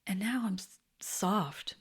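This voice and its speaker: A woman in her forties, a podcast host, telling a frank personal story in a candid, animated way that drops to soft, hushed tones. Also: medium pitch, slow pace, breathy edge.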